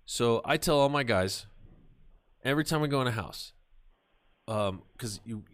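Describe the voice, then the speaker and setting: A man chatting on a podcast, telling a profane, animated story and acting out the voices of the people in it. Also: mid-range voice, moderate pace. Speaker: podcast talker. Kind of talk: casual podcast chat.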